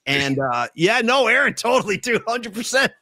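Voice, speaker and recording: Guy in his 50s ranting on a podcast, fairly high voice, dry sound. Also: normal speed, dry recording. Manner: animated, emphatic, swears casually. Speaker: podcast host. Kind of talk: casual chat.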